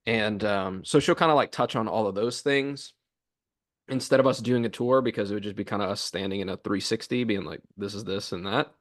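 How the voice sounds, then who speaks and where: Speaking a little fast in a lowish voice, a young podcast co-host describes his chiropractic office routine. The talk is casual and rambling, heavy with fillers like "um" and "like," and he plays out the dialogue from the office.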